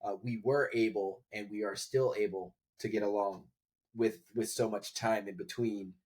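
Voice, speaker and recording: A man's voice: on the low side, steady tone, moderate pace, darkish tone, slightly rough. A man co-hosting a podcast, talking in a loose, rambling way with many restarts. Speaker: podcast co-host. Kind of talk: casual chat.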